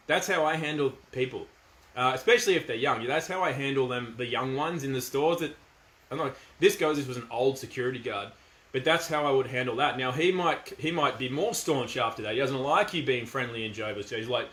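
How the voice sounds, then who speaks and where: A man's voice: mid-range voice, fairly quick, fairly bright tone. A middle-aged man with an Australian accent, talking in a casual, firm and emphatic monologue. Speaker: commentator. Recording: echoey room.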